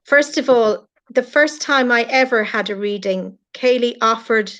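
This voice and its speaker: Irish woman, middle-aged, heartfelt and earnest, fairly high voice, muffled lo-fi stream audio. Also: unhurried, a bit bright. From Ireland. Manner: earnest, heartfelt, addresses critics directly. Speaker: guest on a live stream. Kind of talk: emotional live-stream chat.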